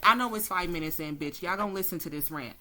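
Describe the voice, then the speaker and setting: Tarot reader, woman, lowish bright forceful voice, blunt profane ranting. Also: fast, slight background noise. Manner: blunt, heated, cussing freely.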